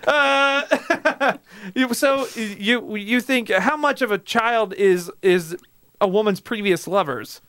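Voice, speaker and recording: Man, comedy podcast host, very high voice, bright tone, giggly, rambling, absurd questions. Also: slow, smooth. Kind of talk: casual comedy chat.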